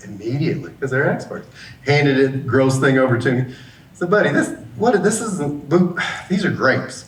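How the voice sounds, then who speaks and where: A middle-aged man, a business coach, gives a motivational talk and acts out the people in his story. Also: medium pitch. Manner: lively storyteller who acts out the dialogue. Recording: roomy sound, mic at a distance, faint background hum.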